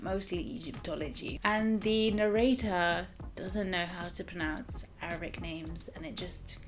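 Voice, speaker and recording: A woman's voice: on the low side, fairly even intonation, measured pace. A woman with an English accent talking casually to camera in a vlog, a little mumbly. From England. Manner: mumbles a little, soft and chatty. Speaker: vlogger.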